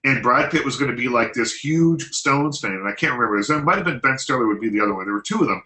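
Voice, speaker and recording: A man recounts a story in relaxed, casual talk, laughing along the way. His voice comes across bright and forceful. The sound is roomy, with a clear echo. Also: medium pitch, quick pace. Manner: animated anecdote telling, laughs often.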